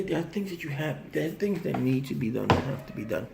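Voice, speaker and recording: A man's voice: a little high, fairly quick, creaky, background noise. A man in recovery speaking straight to his viewers, pleading and repeating himself with heartfelt urgency. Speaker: vlogger in addiction recovery. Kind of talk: earnest direct-to-camera appeal.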